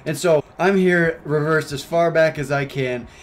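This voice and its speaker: A young man chatting casually over gameplay, telling a story full of swearing and fillers, and getting loud and worked up at the game. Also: a little high, steady tone, unhurried, slight background noise. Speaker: gaming YouTuber.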